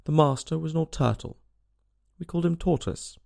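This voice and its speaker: A man's voice: a little high, a little fast, gravelly, dark tone, voice pushed up. A man voicing a weepy, sentimental male mock turtle who sighs and speaks plaintively. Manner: mournful, sighing, plaintive.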